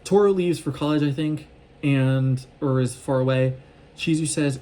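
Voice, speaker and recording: A man talking fast in a casual, excited recap vlog, rambling with lots of fillers and restarts, recorded on a phone. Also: mid-range voice. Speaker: vlogger recapping a show.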